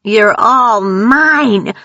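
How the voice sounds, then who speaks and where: Screeching shark-eyed creature woman, high and shrill, savage and possessive; a female narrator doubles the part. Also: drawn-out words, pushed and bright, no echo, highs cut off, heavily acted.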